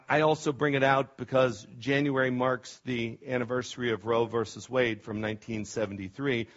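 A man's voice: medium pitch, fairly bright tone. A middle-aged man preaching a sermon as pastor, impassioned and emphatic, often stumbling over restarts. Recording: dull lo-fi sermon recording.

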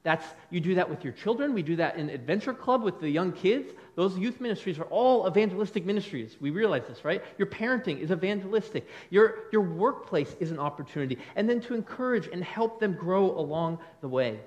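A male pastor preaching a conversational sermon, acting out quick bits of dialogue as he goes. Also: high voice, muffled recording. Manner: animated, conversational preaching with quick acted-out quotes.

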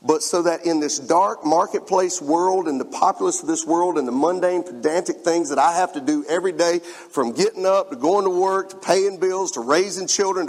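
Man preaching in a reverberant hall. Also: on the high side. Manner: emphatic, rising and falling in loudness, with spoken asides to the congregation. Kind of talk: sermon. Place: church sanctuary.

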